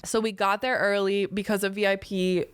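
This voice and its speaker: A woman, telling a story on a podcast in an animated, casual way with plenty of swearing and "like". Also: medium pitch, a little fast, smooth, no echo. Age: 30s. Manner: animated, profane storyteller with lots of "like". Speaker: guest.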